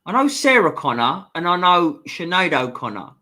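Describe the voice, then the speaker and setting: A man's voice: a little high, very animated, moderate pace, pushed and bright. A man hosting a casual live stream, reading viewer comments aloud and swearing freely as he chats. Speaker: livestream host reading chat.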